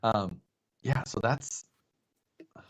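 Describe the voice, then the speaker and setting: A man's voice: on the low side, slow pace, breathy edge. A man hosting a live stream, chatting casually, laughing often and acting out quoted conversations. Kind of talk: casual chat.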